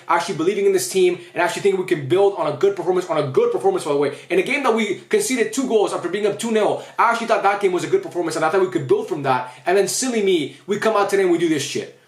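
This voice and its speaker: A man's voice: high voice, fast, few pauses, roomy sound. A man giving an angry, frustrated post-match rant as a football fan, swearing often and sounding upset.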